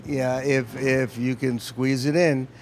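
Brief: relaxed male host, mid-pitched, unhurried and grateful. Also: slight background noise. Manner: easygoing and grateful, with hesitant restarts. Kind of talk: casual interview chat.

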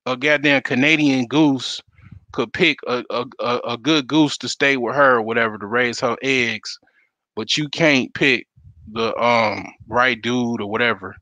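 A man's voice: mid-range voice, pushed and bright, dry recording. Blunt, cussing man ranting. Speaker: host. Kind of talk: casual monologue.

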